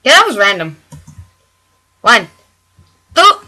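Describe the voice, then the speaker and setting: A woman hosting a gaming channel, giving let's-play commentary while growing frustrated, swearing and yelling at the game character and talking to her viewers. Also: a little high, sing-song, slow.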